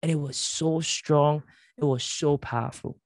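A man's voice: fairly high pitch, steady tone, unhurried, no echo, clean studio sound. A man leading a church conference workshop, telling stories in an earnest way and acting out the dialogue. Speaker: church leader giving a workshop. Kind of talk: conference workshop talk with storytelling.

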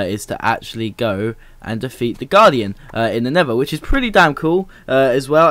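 A young man rambles through casual gameplay commentary, dropping "uh" between nearly every phrase. His voice is smooth and clear at a middle pitch. The sound is dry and close to the mic. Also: no echo. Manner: rambling, many "uh" fillers, upbeat. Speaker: gaming channel host. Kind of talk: casual let's-play commentary.

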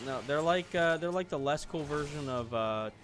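A young man hosting a let's play, chatting casually and joking, then bursting into loud shouts. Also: on the high side, expressive, moderate pace, noisy background. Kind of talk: casual gaming chat.

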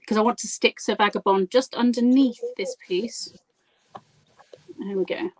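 Guiding viewers through a live craft project, this guest crafter has a slightly high, a little mellow voice and a measured pace, captured in a rough recording without echo. She chats away, giggles, and teases herself while working.

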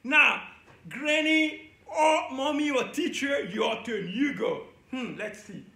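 A man's voice: extremely high pitch, slow, gravelly, bright, forceful tone, roomy sound. A man teaching young children at church, playful and coaxing as he talks straight to the kids. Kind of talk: lively lesson for young kids.

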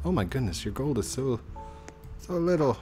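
A man's voice: medium pitch, very animated, normal speed, warm tone, faint music behind. A man hosting a gaming video, joking, laughing often and explaining each step as he plays. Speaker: gaming channel host. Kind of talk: casual gameplay chat.

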